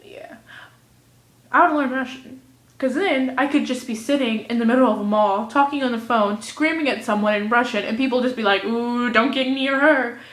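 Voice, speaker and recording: A teenage girl vlogging casually, rambling in a goofy way and swinging between mumbles and loud outbursts, recorded on a phone or webcam at home. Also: fairly high pitch, fairly quick. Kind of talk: casual vlog rant. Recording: echoey room.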